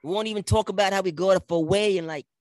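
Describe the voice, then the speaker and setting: A man's voice: sits high, racing, dry recording, studio quality. A man co-hosting a casual faith podcast. He talks playfully, often repeats his lines for emphasis and laughs a lot. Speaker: podcast co-host.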